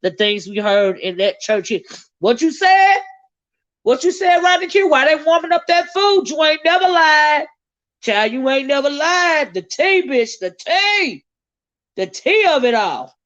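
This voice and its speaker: A Southern woman hosts a casual livestream, talking straight to her viewers. She is sassy, laughs often and draws out her exclamations. Her voice sits a little high, and the recording sounds dry and a bit muffled. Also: big pitch swings, a little slow, a bit bright, dry recording. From American South. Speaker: livestream host reading viewer comments. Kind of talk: casual chat.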